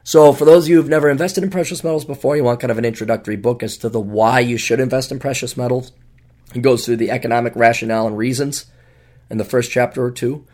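A middle-aged man hosting a solo podcast, talking in a sarcastic, rambling way with big jumps in pitch for emphasis. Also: steady tone, fast talker, darkish tone. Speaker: podcast host.

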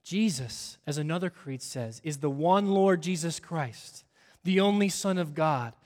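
Man, pastor, sermon, high voice, hushed to near-shouting, long hall reverb. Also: expressive, unhurried. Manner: preaching with big swings from hushed to near-shouting.

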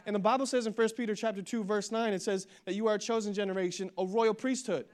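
Young male pastor, high-pitched, energetic sermon delivery. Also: quick pace. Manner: energetic preaching that builds to loud declarations, with humorous storytelling.

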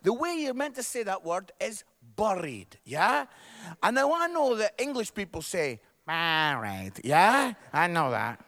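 A middle-aged man with a Scottish accent preaches to his congregation in a very high voice. He is lively and playful, teasing the room and checking in with a quick "yeah?" between points. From Scotland. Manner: lively, jokey with the congregation, tag questions like "yeah?". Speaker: pastor. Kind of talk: sermon.

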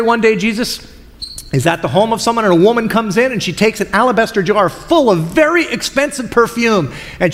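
Lively, high-voiced male preacher in a reverberant hall. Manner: storytelling, expressive, colloquial. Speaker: pastor. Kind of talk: sermon.

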